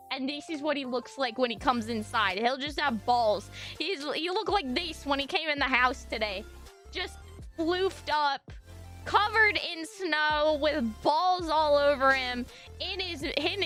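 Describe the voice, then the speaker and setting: A woman streaming live and chatting casually with her viewers, swinging between excited squeals and low mumbling.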